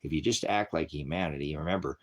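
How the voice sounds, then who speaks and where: Profane, ranting man with a deep voice. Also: quick pace. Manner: profane, heated, scolding; preachy, addressing viewers as brothers and sisters. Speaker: live-stream host. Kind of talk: angry live-stream rant.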